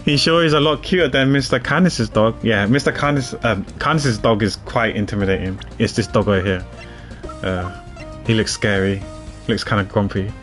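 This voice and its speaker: A man's voice: fairly low pitch, moderate pace, a bit bright, soft background music. A man streaming a game, chatting casually with his viewers and thinking aloud as he plays. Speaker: gaming streamer. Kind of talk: casual gameplay commentary.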